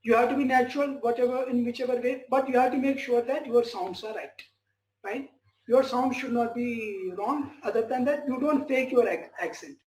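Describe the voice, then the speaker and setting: A man's voice: very high-pitched, moderate pace, darkish tone. A male tutor, teaching a speaking class online and reassuring a student with frequent check-ins. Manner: reassuring, repeats "fine" and "okay" as check-ins. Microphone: video call. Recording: echoey room with faint noise.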